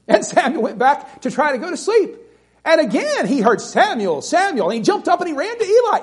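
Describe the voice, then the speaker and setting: A man's voice: very high voice, very animated, brisk. A man preaching a sermon, reading scripture and pleading earnestly with his listeners. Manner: earnest, pleading, reads scripture in King James wording.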